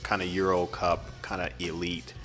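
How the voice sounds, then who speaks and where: A man co-hosting a podcast in casual chat, easygoing and explaining things haltingly with many fillers. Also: low voice, little pitch movement, fairly bright tone, soft background music. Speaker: podcast co-host.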